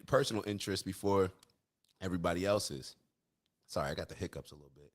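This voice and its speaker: Deep voiced guy on a live stream, just talking it out, repeats himself a lot. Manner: conversational, opinionated, repeats and restarts phrases. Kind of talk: casual solo live-stream talk.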